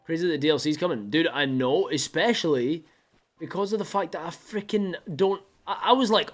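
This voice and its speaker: A man's voice: fairly high pitch, brisk, faint music behind. A young man chatting casually with viewers while streaming a game, playfully mopey and theatrical. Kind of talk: casual live-stream chat.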